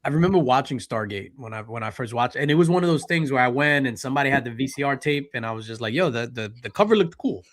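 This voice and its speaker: A man's voice: medium pitch, lively intonation, fast talker, few pauses, a bit bright, no room sound, clean studio sound. A man hosting a casual pop culture chat, telling profane anecdotes and laughing often. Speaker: podcast host.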